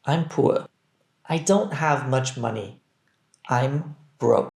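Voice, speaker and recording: A man teaching English, reading phrases deliberately and clearly so that learners can repeat them. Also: medium pitch, animated, darkish tone. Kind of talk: scripted language drill. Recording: roomy echo.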